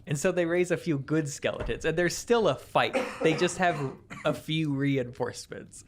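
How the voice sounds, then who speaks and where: Man rambling through a story pitch. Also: noisy background. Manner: rambling, hesitant, quick to laugh. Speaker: podcast co-host. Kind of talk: casual comedy brainstorming.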